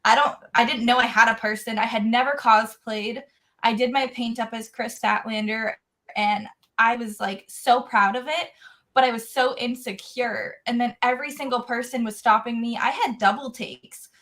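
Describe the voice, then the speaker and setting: A woman hosting a casual podcast chat, talking candidly and excitedly, swearing casually. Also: a little high, normal speed. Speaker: podcast host.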